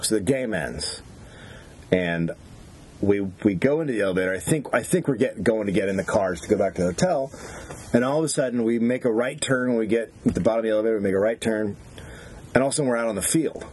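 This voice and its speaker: A man's voice: fairly low pitch, fast, darkish tone, a little hiss or hum. A man co-hosting a comedy podcast, telling a crude family anecdote and teasing his partner. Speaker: podcast co-host. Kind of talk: comedic storytelling.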